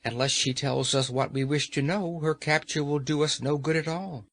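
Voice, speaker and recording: A man's voice: a little high, steady tone, moderate pace, fairly bright tone, voice pushed up. A man voicing an earnest, thoughtful scarecrow puzzling over a problem.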